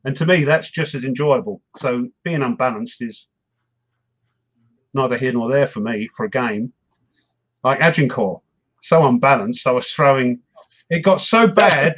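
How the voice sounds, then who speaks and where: A man's voice: mid-range voice, moderate pace, long pauses, a bit bright, muffled recording. A man hosting a wargaming chat show, rambling and self-mocking as he talks through his games. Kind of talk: casual chat.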